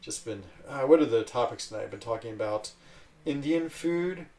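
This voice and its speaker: A man's voice: medium pitch, animated, normal speed, darkish tone, distant mic. A man hosting a livestream, chatting casually in a rambling way and laughing often. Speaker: livestream host.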